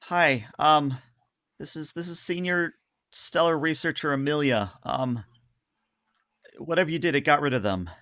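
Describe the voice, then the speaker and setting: A man's voice: on the high side, a bit bright, voice pushed up. A man putting on a shaky frightened researcher. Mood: nervous. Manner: hesitant, halting with many fillers.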